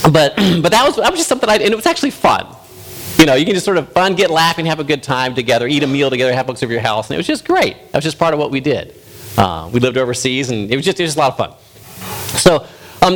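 Male pastor, folksy and self-deprecating, lively pitch, light tape hiss. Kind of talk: sermon.

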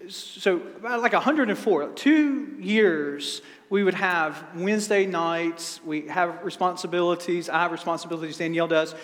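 A man's voice: high-pitched, moderate pace, hardly any pauses, fairly bright tone, in a large hall. A middle-aged man preaching a sermon as pastor, telling funny family stories with stammered restarts. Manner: humorous storytelling with stammered restarts. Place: church sanctuary.

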